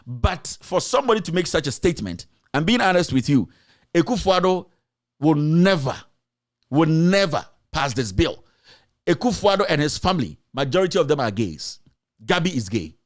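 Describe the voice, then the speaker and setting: A man's voice: a little high, very animated, moderate pace. A man with a Ghanaian accent, delivering a combative, repetitive political rant as a commentator.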